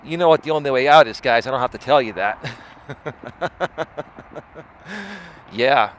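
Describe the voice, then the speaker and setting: A man's voice: mid-range voice, a little slow. A man in his forties, a life coach hosting a live stream, talking in a chatty monologue and tagging his lines with "right?".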